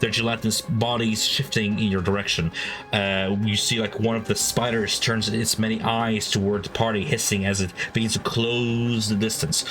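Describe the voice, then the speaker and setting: A man runs a tabletop game, narrating scenes in a low voice. He keeps it casual and loose, dropping "like" and "uh" throughout, over faint background music. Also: little pitch movement, normal speed, a bit bright, poor audio. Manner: casual, many fillers like "like" and "uh". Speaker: game master.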